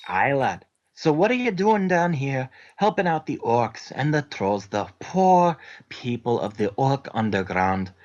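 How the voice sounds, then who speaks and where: A man's voice: medium pitch, lo-fi sound, voice pushed up. A man putting on a menacing Scottish mercenary. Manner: threatening, calls people lad. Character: gruff male mercenary interrogator, menacing.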